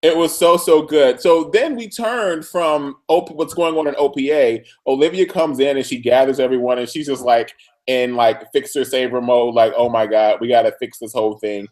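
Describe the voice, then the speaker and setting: Man, casual recap chat, animated delivery, mid pitch. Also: moderate pace. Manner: animated, acts out characters with big pitch jumps. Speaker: podcast co-host.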